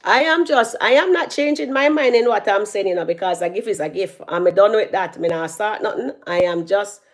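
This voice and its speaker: Chatty woman live-streaming from her phone. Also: mid-range voice. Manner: chatty, reads out viewer comments, laughs loudly. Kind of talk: casual live-stream commentary. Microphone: phone held at arm's length.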